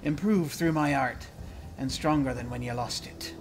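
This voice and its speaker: A man's voice: fairly high pitch, fast, close to an everyday voice. A man voicing a sour, cryptic old midwife in a video game, scolding in old-fashioned phrasing over faint game music. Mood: stern. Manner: stern, scolding, archaic phrasing.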